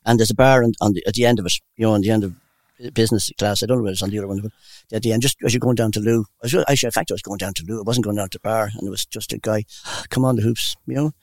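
A man's voice: on the low side, steady tone, rapid-fire, no echo. An older man telling rambling personal stories in a casual interview. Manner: rambling, warm anecdotal storyteller. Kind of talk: casual storytelling.

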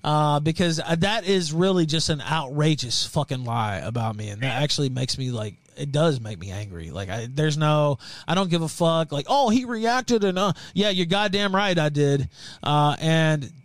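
A man's voice: fairly high pitch, animated, normal speed, no echo. A man hosting a livestream, delivering a profane, threatening, heated rant. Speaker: livestream host.

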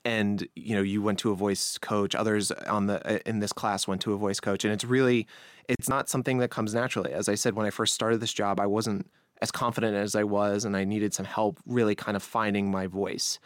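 A man from Long Island with a faint accent, talking casually as a podcast guest, relaxed and chatty with frequent restarts. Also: on the low side, fairly quick, no echo, studio quality. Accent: light Long Island. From New York, Long Island. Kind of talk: conversational interview.

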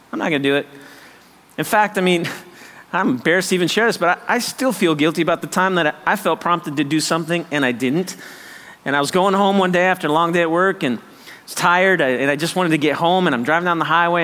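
A man preaching a sermon, lively and conversational, acting out people's excuses and laughing at himself. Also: on the high side, long reverb tail. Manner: animated, acts out voices of doubters, laughs often. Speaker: pastor.

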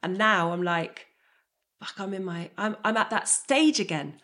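Lively woman guest in her thirties. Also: mid-range voice, a little slow. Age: 30s. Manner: energetic and emotionally open, swears. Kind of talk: candid conversation.

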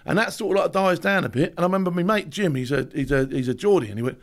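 A man, a former soldier, telling stories in a casual interview, animated and laughing as he acts out what others said. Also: high-pitched, quick pace. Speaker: podcast guest, former special forces soldier.

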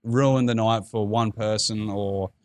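A man's voice: lowish voice, fairly even intonation, unhurried, dry recording, clean studio sound. A man hosting a podcast, telling stories in a casual, rambling way and swearing freely. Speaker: podcast host. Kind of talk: casual chat.

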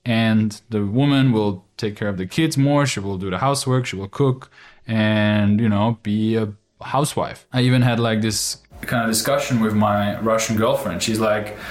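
A man's voice: fairly low pitch, steady tone, moderate pace. A young man with an Austrian accent, hosting a podcast as a casual monologue, blunt and informal and swearing freely. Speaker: podcast host.

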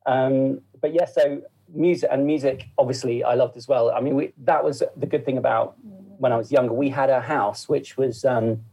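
Man, middle-aged, husky, dark, meandering casual talk. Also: medium pitch, steady tone, moderate pace, hardly any pauses, rough recording. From England. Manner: rambling, full of fillers and asides. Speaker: podcast guest. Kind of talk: casual interview chat.

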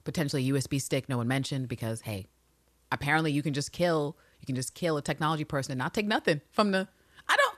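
Woman podcast co-host, lively and swearing, acts out scenes, low voice, dry sound. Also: fast, no echo. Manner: animated, profane, acts out characters in scenes. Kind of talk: casual recap chat.

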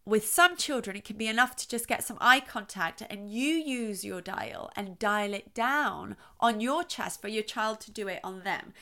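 A woman's voice: a little high, sharp tone. A middle-aged woman who is a child psychologist, giving playful parenting advice and exaggerating her voice to show how it should sound.

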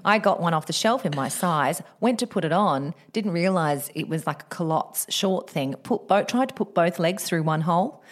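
Aussie woman podcasting, low voice but super animated, swears a lot. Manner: sweary, excitable, quick to joke. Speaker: podcast co-host. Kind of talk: casual chat.

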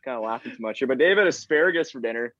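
A young man with a stuffy nose, excitedly telling stories in a casual podcast chat and laughing as he goes. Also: medium pitch, rapid-fire, no echo. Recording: dull, dry lo-fi sound.

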